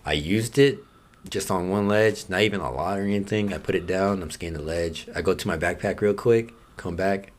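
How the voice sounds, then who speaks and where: A man with a very low, deep voice talks as a guest on a casual podcast. He rambles in an easygoing way, looping back with fillers as he tells his stories. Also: brisk. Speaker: guest skateboarder. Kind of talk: casual interview chat.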